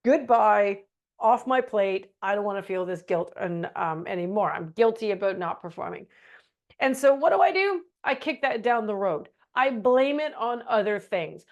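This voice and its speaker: A middle-aged woman presenting a webinar in a casual, animated teaching style, slipping into meek voices for examples. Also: medium pitch, a little slow. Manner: animated, acts out quoted phrases in a meek voice.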